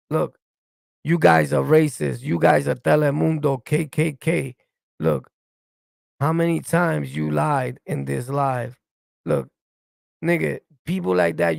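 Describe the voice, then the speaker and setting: Gravelly New York man ranting. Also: on the high side, no room sound. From New York City. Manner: blunt, confrontational, profane, repeats "you get it?". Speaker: streamer reacting and answering live chat. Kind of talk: heated livestream rant.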